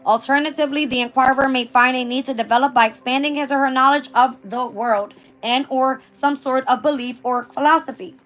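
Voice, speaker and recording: A woman with a hoarse, fading voice giving a casual tarot reading, reading passages aloud and then riffing off them with the odd swear word. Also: sits high, fairly even intonation, a little fast, hardly any pauses, a bit bright, soft background music. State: hoarse, losing her voice. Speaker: tarot reader.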